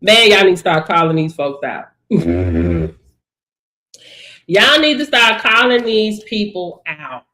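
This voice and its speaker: A woman's voice: on the low side, slow pace, long pauses. Emphatic woman coach on a live stream. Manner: animated and emphatic, swings loud and soft, repeats phrases. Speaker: business coach. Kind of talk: casual live stream chat.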